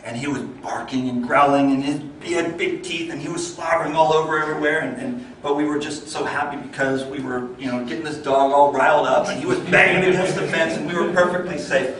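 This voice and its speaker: A man giving a storytelling speech at a speaking club, swinging from lively and loud to low and hushed. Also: brisk, hardly any pauses, a little hiss or hum. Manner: animated, builds up energy then drops low. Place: meeting hall. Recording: echoey hall, mic far off.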